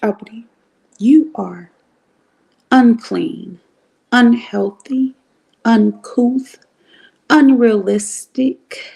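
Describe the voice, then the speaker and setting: Middle-aged woman streamer, gravelly and a bit high, blunt and profane, talks straight to her chat. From Cleveland, Ohio. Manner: blunt, profane and animated, with drawn-out asides. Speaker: livestream commentary host. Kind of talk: casual livestream commentary.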